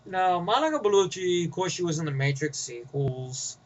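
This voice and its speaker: Man, New York accent, high-pitched, rambling movie review, swears a lot, wanders off topic. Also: animated, normal speed, lo-fi sound. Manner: rambling, profane, easily sidetracked. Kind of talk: casual rambling film review.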